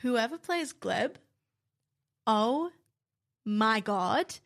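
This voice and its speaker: A woman's voice: a little high, animated, extremely slow, creaky. A young woman co-hosting a podcast, chatting casually and enthusiastically. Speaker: podcast co-host. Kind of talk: casual chat.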